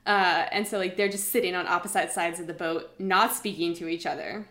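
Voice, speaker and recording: A woman's voice: lowish voice, steady tone, fairly quick, a bit bright. A woman casually retelling a survival story to a friend, chatty, with lots of fillers, acting out the quotes.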